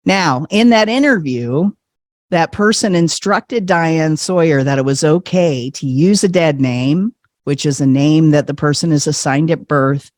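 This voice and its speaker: A man's voice: on the high side, a little slow, no room sound, studio quality. A middle-aged man telling a personal story with lots of laughter, acting out the voices of the people he quotes. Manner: animated, laughing, acts out quotes.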